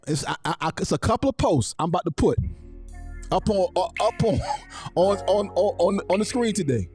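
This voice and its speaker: A man's voice: high voice, animated, normal speed, darkish tone, faint music behind. A man hosting a live online show, talking to viewers and greeting them by name in a sing-song way. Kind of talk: live-stream talk with viewer shout-outs.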